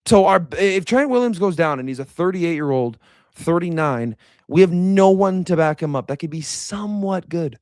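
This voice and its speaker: Young male fan commentator, blunt and animated, slightly high voice, dry and close. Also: normal speed, no echo. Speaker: sports commentator. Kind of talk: casual reaction rant.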